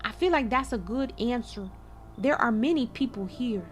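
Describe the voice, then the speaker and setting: A woman giving casual gameplay commentary, animated and chatting straight to her viewers with quick exclamations. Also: on the high side, soft background music. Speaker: gaming video creator.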